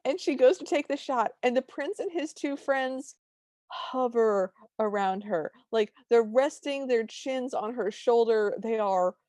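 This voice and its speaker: Woman, somewhat high voice, enthusiastic film commentary, dry close sound. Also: lively intonation, measured pace, a little mellow, no echo. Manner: enthusiastic commentary with vivid comparisons. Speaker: podcast co-host. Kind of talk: casual film recap chat.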